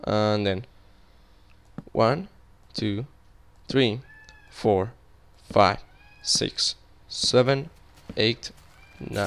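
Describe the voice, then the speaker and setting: Smooth-voiced young man gaming. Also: lowish voice, extremely slow, fairly bright tone. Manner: casual, swears often, cries out in panic at monsters. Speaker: gaming YouTuber. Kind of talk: Minecraft let's play commentary.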